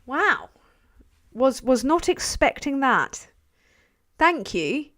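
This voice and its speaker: A woman's voice: sits high, sing-song, extremely slow, fairly bright tone. Chatty, sweary woman streamer. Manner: chatty, sweary, self-deprecating. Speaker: livestream host. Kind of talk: casual livestream chat reading donations.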